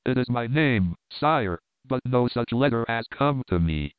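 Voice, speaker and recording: A man's voice: medium pitch, animated, unhurried, clean tone, dry recording, natural voice. Cornered Italian knight, defensive and pleading, read by a man; dry, tinny recording.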